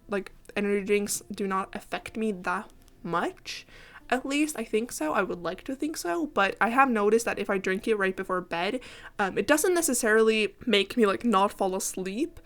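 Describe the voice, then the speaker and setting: Tired sick teen girl rambling over a sims build, giggly, says sorry constantly. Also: medium pitch. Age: late teens. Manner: giggly, rambling, keeps apologizing. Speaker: gaming YouTuber.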